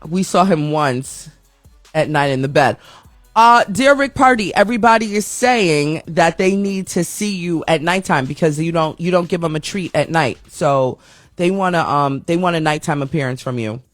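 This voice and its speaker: Casting: a fairly high-voiced man hosting a live stream, rambling and chatty, dry close sound, faint music behind. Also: lively intonation, normal speed, a bit bright, dry recording. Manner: rambling, chatty, reads viewer chat aloud. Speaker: radio show host. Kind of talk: casual live-stream chat.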